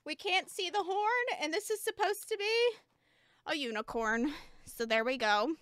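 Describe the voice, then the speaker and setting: A woman's voice: very high voice, expressive, measured pace, a bit bright, dry recording, clean studio sound. A young woman streaming casually, chatty and giggly as she talks to her chat, a little out of breath. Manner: giggly and chatty, talking to chat while changing onesies.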